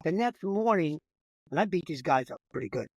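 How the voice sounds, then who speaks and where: Older comedian guy, highish voice, swears a lot, rambling story, dry close sound. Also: brisk, dry recording, low-quality recording. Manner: profane, rambling, animated storytelling. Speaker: comedian guest. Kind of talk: casual storytelling.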